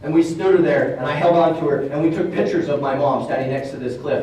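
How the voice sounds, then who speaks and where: A man's voice: fairly high pitch, dark tone, distant mic, slight background noise. A man giving a motivational talk at a conference, telling a personal story in an earnest, conversational way with emphatic repeats. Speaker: motivational speaker. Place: conference hall. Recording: roomy hall sound from off mic.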